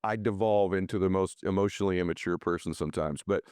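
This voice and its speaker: A podcast host, a man with a rather low voice, asks long, candid questions and turns to his audience with eager praise. The sound is close and dry, with no room around it. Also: fairly even intonation, fast talker, darkish tone, clean tone, dry recording. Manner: enthusiastic, candid, talks to listeners directly. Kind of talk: interview questions and commentary.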